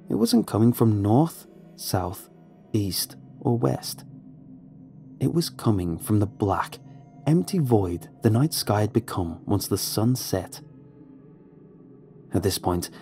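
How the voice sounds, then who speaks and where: A man narrating a first-person horror story in a measured, suspenseful way. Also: mid-range voice, creaky, mellow. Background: faint music.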